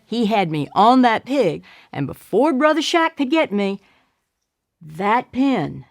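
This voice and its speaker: A woman's voice: medium pitch, no echo. Older lady telling a family story, does all the voices, super dry close sound. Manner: animated, acting out shouts and voices of family members. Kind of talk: storytelling a childhood memory.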